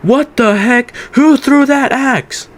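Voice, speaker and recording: A man voicing an angry, short-tempered male venue owner who scolds loudly. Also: sits high, lively intonation, normal speed, pitched above the performer's own voice. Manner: shouting, exasperated scolding.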